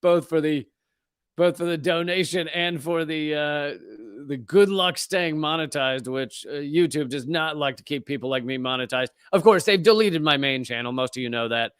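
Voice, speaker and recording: A man's voice: fairly high pitch, normal speed, fairly bright tone, smooth, no echo. An American man hosting his live show, riffing sarcastically on the news and stumbling into restarts as he jokes. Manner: sarcastic, riffing, mocks pronunciations; frequent restarts and laughs. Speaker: comedian host of a live show. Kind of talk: casual ranting commentary.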